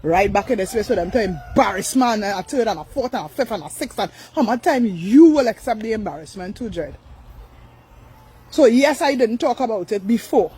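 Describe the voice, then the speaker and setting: A woman's voice: mid-range voice, expressive, normal speed, dark tone, breathy edge, low-quality recording. An older woman, ranting on a live stream, blunt, profane and repetitive. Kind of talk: angry live-stream rant.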